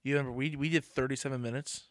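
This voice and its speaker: A tipsy young man hosting a podcast, talking fast in an easygoing, rambling way. His voice sits at a middle pitch, recorded close and dry. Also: steady tone, no echo. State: drunk. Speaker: podcast host. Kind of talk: late-night casual podcast banter.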